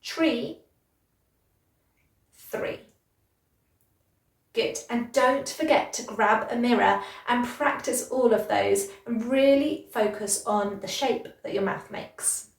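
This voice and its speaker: A British woman teaching English pronunciation, speaking slowly and clearly and drawing out example words in an encouraging way. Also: a little high, reverberant, far from the mic. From Britain. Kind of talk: pronunciation lesson.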